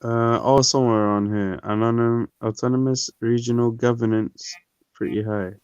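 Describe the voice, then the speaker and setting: A man's voice: medium pitch, steady tone, normal speed, darkish tone, smooth, no echo. A man, chatting casually on a stream, rambling and reading comments and look-ups aloud. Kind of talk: casual chat. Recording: dull, lo-fi dry sound.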